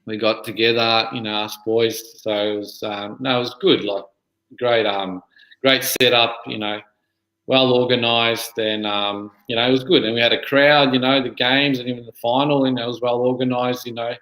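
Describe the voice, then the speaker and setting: A man in his thirties, a guest on a podcast, talking in a relaxed, rambling way. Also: mid-range voice, normal speed, roomy sound, rough recording. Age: 30s. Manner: relaxed, lots of "you know" fillers. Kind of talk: casual interview.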